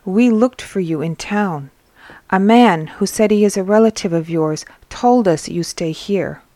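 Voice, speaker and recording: A woman's voice: medium pitch, measured pace, warm tone, no echo, lightly acted. A woman voicing an earnest young grown man who plainly explains that he has been searching for someone, close to her own voice.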